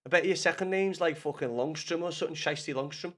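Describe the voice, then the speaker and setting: A man's voice: on the high side, fast. Sweary Scouse man streaming football chat. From Liverpool, England. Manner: sweary, banters with chat by name, gets loud and excited. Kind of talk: casual live-stream chat with viewers.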